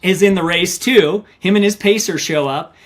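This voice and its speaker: Animated storytelling man, fairly high voice. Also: moderate pace. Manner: animated storyteller, acts out quotes. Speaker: ultramarathon runner and coach, guest. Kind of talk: podcast interview storytelling.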